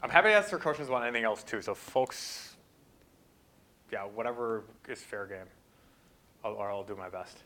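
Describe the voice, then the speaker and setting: A man's voice: lowish voice, animated, moderate pace, long pauses, pushed and bright. A man speaking as a guest at a talk, answering audience questions in a thoughtful way with frequent fillers and restarts. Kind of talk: conference Q&A answers.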